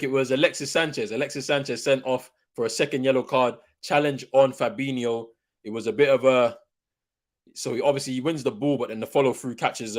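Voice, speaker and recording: Young man, watchalong host; slangy, excitable, repeats lines, jumps from shouts to mutters. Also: medium pitch. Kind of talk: live football watchalong commentary.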